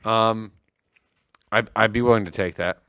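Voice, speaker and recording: A man's voice: fairly low pitch, fairly even intonation, measured pace, fairly bright tone, clear, resonant tone, dry recording, clean studio sound. A young man co-hosting a tech livestream, chatting casually with teasing, joking banter.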